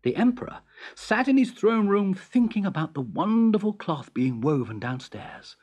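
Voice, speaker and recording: A storybook narrator with a very lively, swooping delivery, reading a fairy tale aloud clearly. The pitch sits in a middle register. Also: moderate pace.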